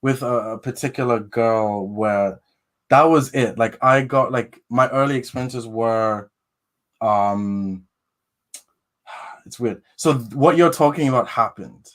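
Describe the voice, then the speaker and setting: A man's voice: mid-range voice, slow. A man as a podcast guest, talking in a hesitant, rambling way with many restarts. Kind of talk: casual chat.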